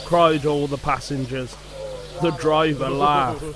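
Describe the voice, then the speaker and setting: A man narrating a children's storybook in a slow, expressive, measured way. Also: a little high. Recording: music playing under the voice.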